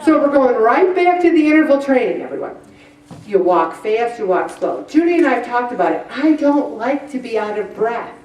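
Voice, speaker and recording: A woman's voice: on the high side, moderate pace. Chatty woman speaking in an echoey room. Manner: chatty and animated, acts out little voices. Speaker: weight-loss group leader. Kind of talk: group presentation. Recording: roomy echo from far off the mic.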